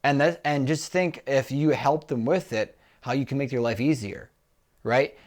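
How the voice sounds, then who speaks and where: Casual male business co-host, mid-pitched. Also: moderate pace, a little mellow. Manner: conversational, pitching a one-on-one call. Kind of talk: casual chat.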